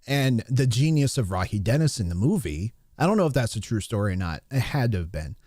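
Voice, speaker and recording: A man's voice: medium pitch, big pitch swings, fairly quick, darkish tone, husky, no echo, studio quality. A man hosting a casual live stream, retelling a movie scene in a rambling way, restarting sentences as he recalls details.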